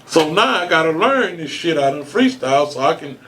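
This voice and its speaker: A man's voice: on the high side, brisk, a little hiss or hum. A man telling a long story as an interview guest, cursing freely and acting out the quotes. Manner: animated storyteller, swears freely, acts out quotes.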